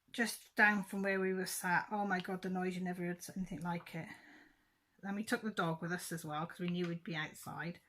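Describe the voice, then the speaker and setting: A middle-aged woman talks casually to her viewers. Her voice sits a little low, and she rambles, trails off and corrects herself mid-sentence. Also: pushed and bright. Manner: chatty, rambling, self-correcting. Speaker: crafting vlogger. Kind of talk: casual chat to camera.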